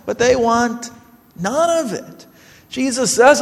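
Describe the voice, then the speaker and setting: Male pastor with a very high, unhurried delivery; earnest sermon storyteller. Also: vocal fry, big-room sound. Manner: earnest storytelling with quoted dialogue.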